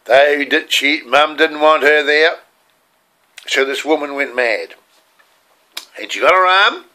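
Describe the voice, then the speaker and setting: A man's voice: fairly high pitch, pushed and bright. An older man with an Australian accent, telling rambling, earnest stories from his childhood. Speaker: storyteller. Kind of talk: personal childhood storytelling.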